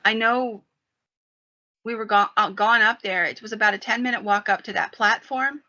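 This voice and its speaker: Woman voicing a frightened mother; gravelly, dull lo-fi. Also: mid-range voice, normal speed, bright, forceful tone. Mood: scared. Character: frantic mother fleeing the woods. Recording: dull lo-fi sound.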